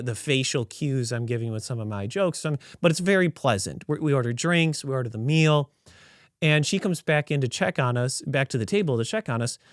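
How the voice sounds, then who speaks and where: A man hosting a podcast who tells a story in a casual, animated, rambling way and often corrects himself mid-sentence. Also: mid-range voice, no room sound, clean studio sound. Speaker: podcast host.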